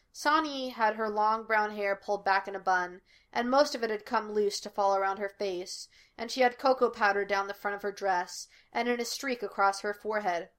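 A woman reading a fan fiction story aloud in a steady narrating voice. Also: mid-range voice, normal speed, hardly any pauses. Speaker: podfic reader.

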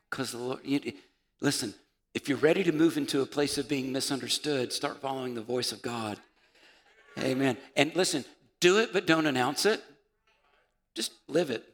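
A man preaching a sermon as pastor, moving between loud calls and hushed, near-whispered passages. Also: medium pitch, normal speed. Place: church sanctuary. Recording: church sanctuary with long reverb.

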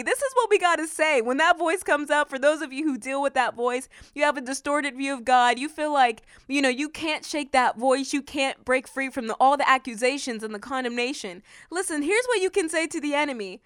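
A woman hosting a devotional podcast, reading scripture softly and then preaching with fervent, emphatic exclamations. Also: sits high, expressive, dry recording, clean studio sound. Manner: reads scripture slowly and softly.

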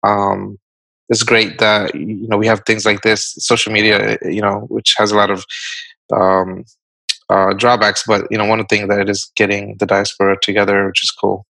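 A man's voice: lowish voice, monotone, moderate pace, gravelly, bright, forceful tone, no echo, low-quality recording. A man hosting a podcast, chatting casually and thinking aloud in a friendly, easygoing way. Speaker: podcast host. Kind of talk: casual conversational interview.

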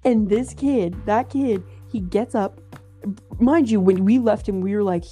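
A woman's voice: medium pitch, a little slow, faint music behind. A young woman in her twenties hosting a podcast, telling stories in casual chat, laughing often and acting out what people said. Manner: laughs often, acts out quotes in animated voices. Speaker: podcast host.

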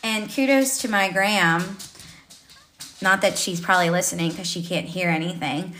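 Young woman hosting a podcast chat w her dad, lowish voice, lots of yeahs. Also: normal speed, bright, forceful tone, slight background noise. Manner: chatty, affirming. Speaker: host, interviewing her father.

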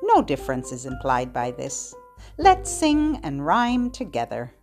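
Slow, sing-song woman librarian. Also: very deep voice, wildly swooping pitch, darkish tone, faint music behind. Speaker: children's librarian and podcast host. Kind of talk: gentle instructional talk for parents and babies.

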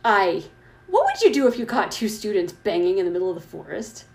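A woman's voice: mid-range voice, a little fast, vocal fry. A woman co-hosting a casual comedy podcast, reading a story aloud and laughing often. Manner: giggly, animated, laughs often. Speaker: podcast co-host.

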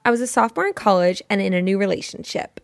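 A woman's voice: mid-range voice, expressive, fast, gravelly, no echo. A young woman co-hosting a podcast, chatting casually and reading a listener story aloud in an easygoing, giggly, candid way. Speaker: podcast co-host. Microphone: studio mic.

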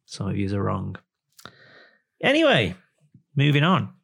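A man hosting a podcast talks a little fast in a mid-range voice. Face to face with a guest in an indoor room, he mixes casual chat with a jokey, rambling sponsor spot.

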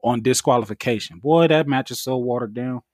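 A man in casual podcast chat, telling things in an animated, profane, slangy way. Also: mid-range voice, a little fast, no echo, studio quality.

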